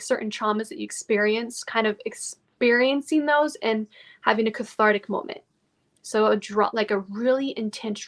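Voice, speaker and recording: A woman, an actor guesting on a podcast, talking reflectively in casual conversation with many pauses and fillers. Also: on the high side, gravelly.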